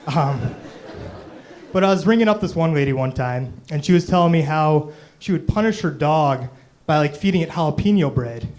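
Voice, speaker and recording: A man's voice: fairly high pitch, lively intonation, moderate pace, darkish tone. A young man doing a stand-up comedy set on stage, rambling and self-deprecating, full of "you know" and "um".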